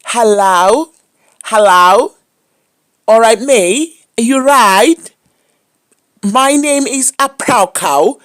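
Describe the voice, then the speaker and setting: A man's voice: very high voice, fairly bright tone, no room sound, studio quality, pitched above the performer's own voice, exaggerated voice. A man putting on a posh fake newsreader accent. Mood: mock-formal. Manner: slow, drawn-out, exaggerated pronunciation.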